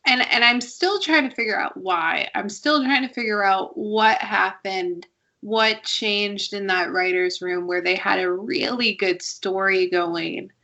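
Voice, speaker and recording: A woman's voice: mid-range voice, measured pace, sharp tone, muffled recording. A woman hosting a podcast, chatting casually and giving opinions on shows with frequent restarts. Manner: talkative, many restarts, opinionated. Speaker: podcast host. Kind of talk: casual review chat.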